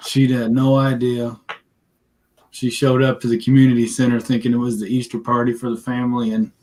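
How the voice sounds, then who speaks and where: A man chatting casually in a live chat, friendly and quick to laugh. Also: mid-range voice, little pitch movement, darkish tone. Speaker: chat guest.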